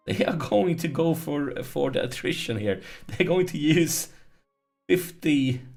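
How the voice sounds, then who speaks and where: Excitable gravelly man narrating his gameplay. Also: medium pitch. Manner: excitable, pleading and groaning at the game. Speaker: let's play host. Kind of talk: strategy game commentary.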